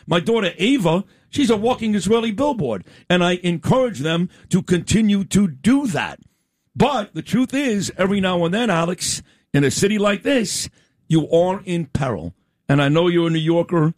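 Animated, emphatic middle-aged male host. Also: sits high, dry recording, studio quality. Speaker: talk show host. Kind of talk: conversational interview.

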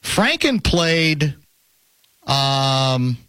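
Animated male talk radio host. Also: on the high side, drawn-out words, clear, resonant tone, dry recording, faint music behind. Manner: animated, rambling, self-interrupting.

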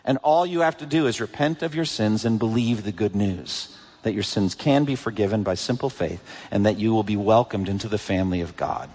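A man's voice: fairly low pitch, fairly quick, husky. Man preaching in a reverberant hall. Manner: emphatic preaching with sharp swings between loud peaks and hushed drops. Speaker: pastor. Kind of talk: sermon.

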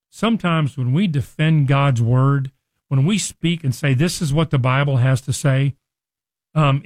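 A man's voice: fairly high pitch, no echo. A man teaching a Bible lesson in a conversational sermon style, often restarting and acting out quoted speech.

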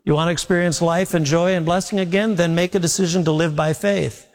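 A man's voice: on the high side, fairly even intonation, brisk. Preaching man in a reverberant hall. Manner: conversational preaching with homespun stories and humor. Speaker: pastor. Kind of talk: sermon.

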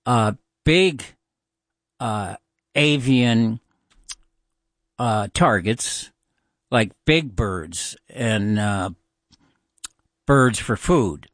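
A man's voice: on the low side, lively intonation, extremely slow, long pauses, no echo, clean studio sound. A man hosting a call-in radio show, chatting in a musing, informal way with many fillers.

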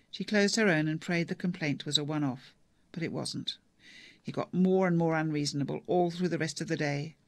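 A narrator reading a novel aloud in a measured, even storytelling manner. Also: mid-range voice, creaky, dry recording. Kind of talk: audiobook narration.

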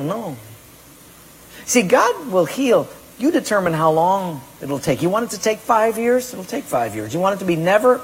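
A pastor preaching a sermon, emphatic, acting out people's excuses in a raised voice. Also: male voice, sits high, in a large hall, low-quality recording.

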